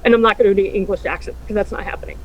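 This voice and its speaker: A woman radio host remembering a late friend, soft and hushed when grieving and lively when telling stories. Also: mid-range voice, rapid-fire, a crowd in the background, low-quality recording. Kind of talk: tearful tribute chat.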